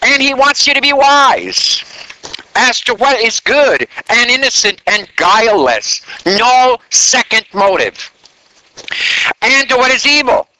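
A man preaching a sermon in an animated way, drawing call-and-response answers from the congregation. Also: very high voice, slow, slight background noise, rough recording.

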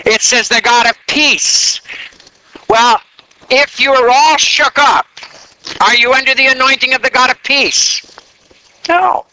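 A man preaching a sermon in an animated way, drawing call-and-response answers from the congregation. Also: very high voice, slow pace, pauses often, clean tone, rough recording.

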